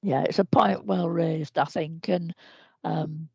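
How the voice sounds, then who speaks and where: A woman chairing a council board meeting, giving warm, effusive thanks. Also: low-pitched, fairly even intonation, slow, vocal fry, husky, no room sound. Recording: slightly muffled livestream audio.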